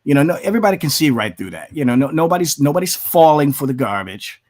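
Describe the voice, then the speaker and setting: A man's voice: a little high, very animated, quick pace, darkish tone. A man hosting his own channel, arguing heatedly against critics while commenting on a video, often mocking them in quoted asides. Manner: argumentative, heated, repetitive asides; mocks opponents in put-on quotes. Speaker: channel host.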